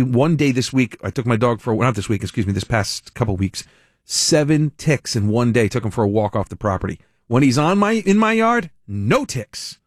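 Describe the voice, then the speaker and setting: A man's voice: mid-range voice, no room sound. Guy hosting talk radio, rambly and chatty, fixing himself mid-sentence, dry close sound. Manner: chatty, repetitive, stops to correct himself. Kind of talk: rambling live ad read.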